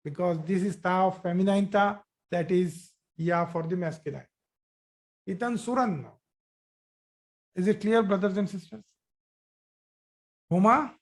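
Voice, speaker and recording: A man's voice: sits high, unhurried, long pauses. A man teaching Arabic grammar in a live online lesson, patient, often praising his students.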